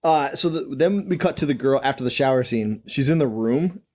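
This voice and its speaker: A man's voice: medium pitch, lively intonation, a little fast, a little mellow. A man co-hosting a podcast in casual chat, making wry, critical asides. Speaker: podcast co-host.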